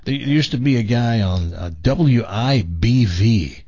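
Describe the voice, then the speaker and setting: A man's voice: medium pitch, expressive, slow, dark tone, dry recording. Radio guy telling stories, chuckles a lot, swingy voice, kinda dull sound. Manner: rambling storyteller, chuckling. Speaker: radio talk show host. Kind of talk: casual radio talk. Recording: dull broadcast audio.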